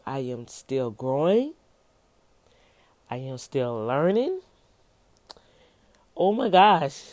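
A woman's voice: sits low, darkish tone, dry recording. A woman in her fifties giving an informal devotional teaching as a minister, emphatic and folksy, repeating words for stress. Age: 50s.

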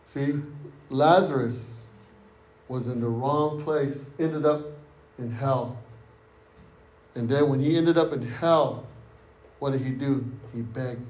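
A man's voice: medium pitch, slow, long pauses, a little mellow, roomy sound. A man preaching an interactive sermon, repeating key words for emphasis and asking his group questions. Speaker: preacher leading a Bible study.

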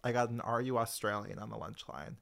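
A man co-hosting a podcast with a slight speech impediment that drops his R's, a New York-area accent, and dry, deadpan quips. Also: lowish voice, brisk, vocal fry. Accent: Long Island and Queens. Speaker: podcast co-host. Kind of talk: casual chat.

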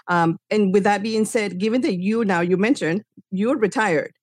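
A woman's voice: medium pitch, normal speed, dry recording, studio quality. A woman hosting a radio interview, asking encouraging questions with hesitant restarts. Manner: encouraging, with many fillers and restarts in her questions. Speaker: radio show host.

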